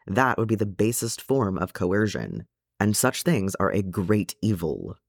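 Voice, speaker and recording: A stern older dwarf king, proud and guilt-ridden, speaking in a measured and grave way, as a man reads him in an audiobook. His voice sits low and moves with lively inflection, close and dry. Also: no room sound, exaggerated voice. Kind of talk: audiobook fan reading.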